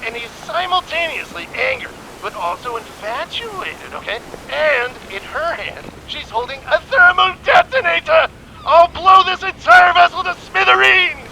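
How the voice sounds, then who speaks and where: A man doing a brash shouting movie director. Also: extremely high pitch, very animated, unhurried, hardly any pauses, background noise, exaggerated voice. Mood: bombastic. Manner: explosive, shouts sound effects.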